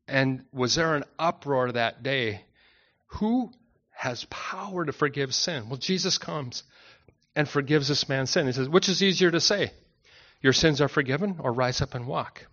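A pastor delivers an expository sermon in a relaxed, conversational way, talking straight to the congregation. His voice sits a little high for a man. The recording is dull and lo-fi. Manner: conversational, anecdotal, addresses the congregation directly. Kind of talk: expository Bible teaching sermon.

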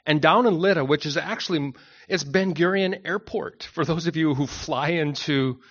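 A man's voice: on the high side, normal speed, a bit bright, lo-fi sound. A man preaching a conversational Bible-teaching sermon to his congregation, mixing personal anecdotes with scripture and speaking directly to his listeners. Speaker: pastor.

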